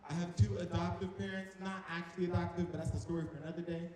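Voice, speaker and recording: A man's voice: high voice, little pitch movement, quick pace, warm tone, slight background noise. A young man from North Carolina doing playful, chatty stand-up comedy on a stage mic, teasing the audience. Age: young adult. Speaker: stand-up comic. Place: large echoing hall on stage. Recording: echoey hall reverb.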